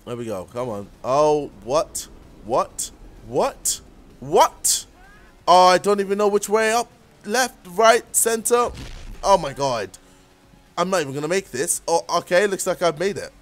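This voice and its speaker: A young man narrating his own gameplay in a fairly high voice that swings widely. He grumbles under his breath at the hard parts and then bursts out in loud, excited whoops. He talks at an unhurried pace. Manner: mutters to himself, then bursts into excited shouts. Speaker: gaming YouTuber. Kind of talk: let's-play commentary.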